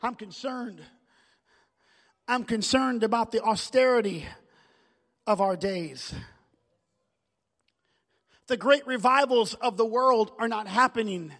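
A male pastor preaching a fervent sermon, repeating phrases and building up to shouts. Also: very high voice, long reverb tail.

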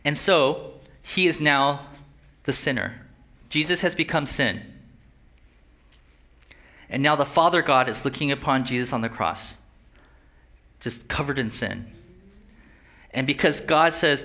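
A man's voice: mid-range voice, unhurried, pauses often, pushed and bright. A man preaching a sermon in a conversational way, checking in with his listeners through rhetorical questions. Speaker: pastor.

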